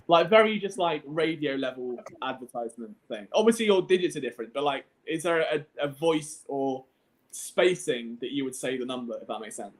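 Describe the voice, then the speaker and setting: A man's voice: a little high, animated, a little fast. A young Englishman hosting a casual livestream chat, playful and prone to giggling. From England. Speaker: podcast host.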